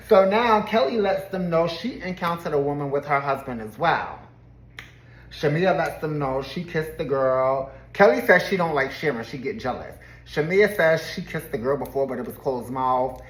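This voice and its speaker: Low-pitched and a little slow, this woman gives a casual, gossipy recap of a reality TV episode. She's chatty, laughs often, and keeps slipping into quoted voices, all in a roomy, echoing recording.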